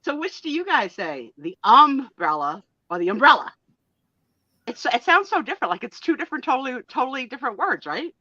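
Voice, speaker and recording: Lively, bright-voiced teasing woman. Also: high-pitched, quick pace, few pauses, dry recording, lo-fi sound. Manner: playful, teasing, theatrical. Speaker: regular guest co-host. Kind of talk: live-stream banter.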